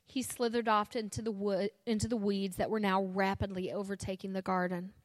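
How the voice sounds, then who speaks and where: A woman reading a story aloud in first person, earnest and steady, with a few small restarts. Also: medium pitch, fairly quick, no echo.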